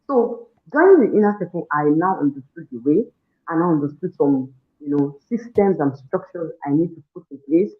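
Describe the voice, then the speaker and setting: A woman with a Nigerian accent giving an animated testimonial, acting out her own scolding and prayers and laughing often. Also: deep voice, normal speed. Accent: Nigerian English. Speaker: parenting program participant. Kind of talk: testimonial interview. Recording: echoey room on a tinny phone-like line.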